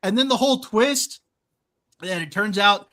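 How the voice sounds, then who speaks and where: A man co-hosting a podcast in casual chat, animated and laughing often as he retells movie scenes. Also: high voice, unhurried. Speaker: podcast co-host.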